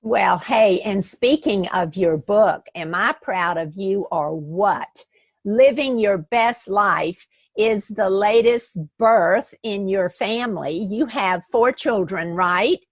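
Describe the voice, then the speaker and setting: A woman's voice: mid-range voice, takes it slowly, no room sound. A woman from the American South hosting a podcast interview, effusive and affectionate with her guest. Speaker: podcast host. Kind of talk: warm interview chat.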